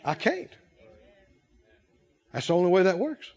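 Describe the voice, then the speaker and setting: Animated high-voiced male preacher. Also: unhurried. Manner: animated, folksy, laughs often, acts out voices. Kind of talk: sermon. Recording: dull lo-fi sound.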